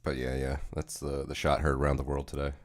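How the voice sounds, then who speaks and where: A man's voice: rumbling low, monotone, fast. A man hosting a casual livestream, chatting in a rambling, profane way. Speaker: livestream host.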